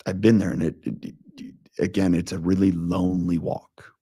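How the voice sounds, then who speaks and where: A man in his forties speaks earnestly about leadership, his husky voice sitting low. He talks with intensity, often restarting sentences as he tells stories. The sound is dry and close. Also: level tone, normal speed, warm tone, no echo. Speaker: leadership coach. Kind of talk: casual interview talk.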